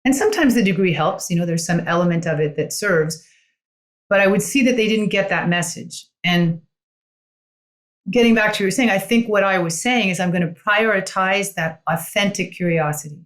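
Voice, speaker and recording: A woman's voice: mid-range voice, brisk. A woman guest on a podcast, a coach, telling her story in an earnest, reflective way with frequent "you know" asides. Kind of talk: conversational storytelling.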